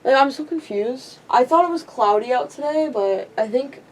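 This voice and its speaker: A woman's voice: sits high, lively intonation, normal speed. A teenage girl in a rambling vlog rant, frustrated and self-deprecating, swearing often and filling her talk with "like". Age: teens. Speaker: vlogger. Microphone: camera.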